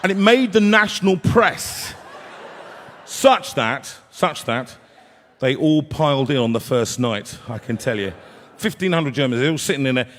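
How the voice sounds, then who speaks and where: A man, an opera singer telling a comic story live, animated and acting out characters. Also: medium pitch, a little slow. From England. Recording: long hall reverb.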